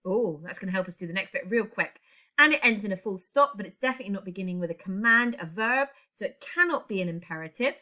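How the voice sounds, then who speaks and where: A woman's voice: medium pitch, expressive, fast talker, sharp tone. A woman teaching a language lesson online, explaining step by step and putting questions to her class. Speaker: English teacher.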